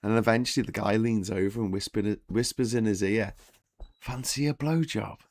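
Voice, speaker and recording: A man's voice: lowish voice, steady tone, fairly quick, darkish tone, no room sound, studio quality. A hungover man hosting a casual morning live stream, telling jokes and rambling through the news with frequent restarts.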